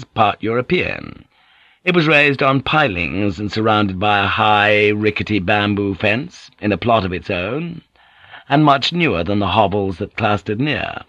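A man narrating an audiobook in a measured, descriptive reading. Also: on the low side, fairly bright tone, no echo, highs cut off. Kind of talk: scripted narration.

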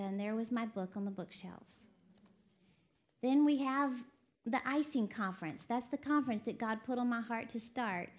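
A woman from Texas preaching a lively sermon, laughing often and quoting voices as she talks. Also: on the high side. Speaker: preacher co-hosting a broadcast. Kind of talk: sermon to a women's audience.

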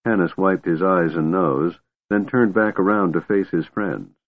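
A man narrating a fantasy audiobook in a measured, steady reading. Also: low voice. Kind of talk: scripted narration. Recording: narrow phone-like dry audio.

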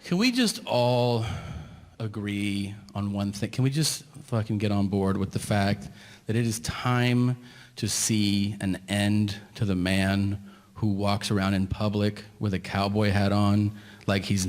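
A man doing a stand-up comedy set, telling his story in an incredulous, ranting way that climbs toward shouting. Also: on the low side, steady tone, unhurried. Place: large theater stage with audience. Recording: live hall with long reverb and audience noise. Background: audience laughter.

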